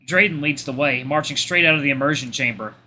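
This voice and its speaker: A man reading a visual novel aloud in expressive first-person narration, stumbling now and then. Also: on the high side, fast talker, slight background noise. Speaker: let's play host.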